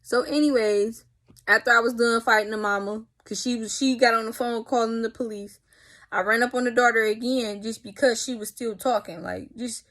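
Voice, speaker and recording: Animated woman telling a story. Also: a little high, normal speed. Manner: animated, profane, uses sound effects. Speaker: vlogger. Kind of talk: casual storytime.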